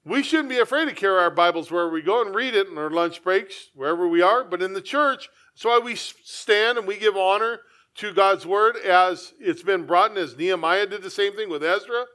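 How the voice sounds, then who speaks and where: A male pastor preaching with a high, bright voice. He talks in an earnest, conversational way, dropping asides to his listeners. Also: fairly quick. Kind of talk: sermon.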